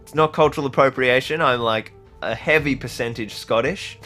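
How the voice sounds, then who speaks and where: A man's voice: medium pitch, normal speed, sharp tone, faint music behind. A young man from Australia hosting a casual livestream, reading out chat with lots of fillers and laughter. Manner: rambling, laughs often, many fillers.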